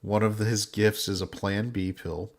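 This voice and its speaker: A man with a very deep voice reads viewer messages aloud on a livestreamed talk show. He is blunt and mocking in casual banter and laughs often. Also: little pitch movement, normal speed. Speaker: co-host reading super chats.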